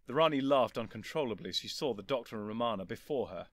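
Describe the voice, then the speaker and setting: A man reading a story aloud as narrator, in a lively, expressive storytelling manner. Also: mid-range voice, quick pace, no echo. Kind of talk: scripted audiobook narration.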